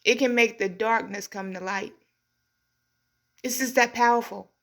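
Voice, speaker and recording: A woman's voice: on the high side, steady tone, a little slow, fairly bright tone. A middle-aged woman hosting a community show, giving an earnest, heartfelt motivational talk in a preacherly way. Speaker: host. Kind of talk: inspirational monologue.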